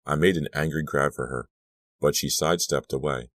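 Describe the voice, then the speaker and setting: Close, completely dry audio with no room echo carries an extremely deep male voice. He narrates an audiobook from a script, telling the story at a steady, measured pace.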